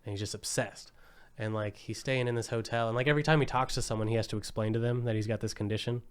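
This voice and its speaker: A man co-hosting a podcast, casually retelling a movie plot in an animated way and leaning hard on "like.". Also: mid-range voice, fast talker, clean tone. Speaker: podcast co-host. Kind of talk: casual film chat.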